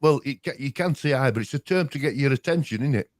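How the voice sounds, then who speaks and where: A man's voice: mid-range voice, animated, fast, no echo. An older man with a Yorkshire accent, co-hosting a casual live-stream chat, chatty and laughing as he drops into local dialect. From West Yorkshire. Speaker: co-host.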